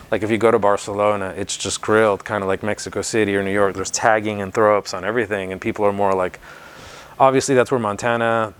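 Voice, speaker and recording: A man's voice: fairly low pitch, clear, resonant tone. A man, telling stories in a casual interview in a laid-back, slangy way and swearing freely. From United States. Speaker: interview guest, graffiti writer.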